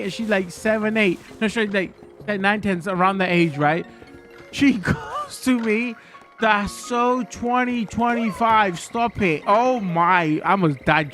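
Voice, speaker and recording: A streamer chatting casually to a live chat while gaming, rambling and correcting themselves, breaking into sudden excited bursts. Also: mid-range voice. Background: game music.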